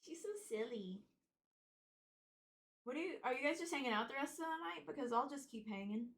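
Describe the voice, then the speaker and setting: A woman's voice: sits high, animated, brisk, a bit bright, distant mic. A young woman streaming from her room at home, chatting casually, mocking herself and swearing a lot. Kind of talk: casual live-stream chat. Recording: roomy sound, voice off-mic at times.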